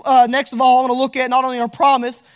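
A man's voice: extremely high pitch, completely flat delivery, quick pace, clean tone. A man preaching a sermon, fervent and repetitive, lapsing into a sing-song cadence as he reads scripture.

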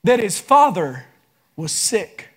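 A man preaching a sermon, building into fervent shouts. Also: high-pitched, big pitch swings, slow, breathy edge. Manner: impassioned, rising into shouts.

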